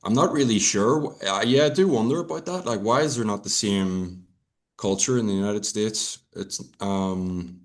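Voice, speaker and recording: A young Irish man talks loosely on a podcast, rambling through his points with plenty of swearing and restarts. His voice sits on the low side. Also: normal speed. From Ireland. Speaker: podcast guest. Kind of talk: casual chat.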